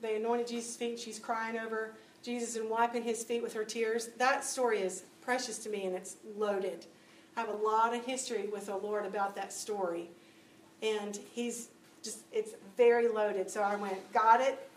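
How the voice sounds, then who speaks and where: Woman, testimony talk, storytelling, slightly high voice, echoey room, faint background noise. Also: moderate pace, far from the mic. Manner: animated storytelling, acting out dialogue. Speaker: speaker giving testimony. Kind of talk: testimony talk to a church audience.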